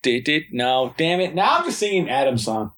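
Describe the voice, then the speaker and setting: A man's voice: mid-range voice, big pitch swings, moderate pace, a bit bright. A man hosting a podcast, rambling in a frustrated, casual way and swearing freely. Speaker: podcast host.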